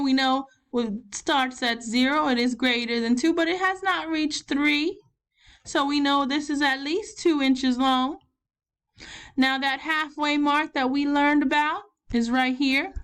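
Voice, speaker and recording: High-voiced folksy southern granny filling in as teacher, played by a woman, encouraging, walks kids through each step. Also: fairly bright tone. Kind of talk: recorded math lesson.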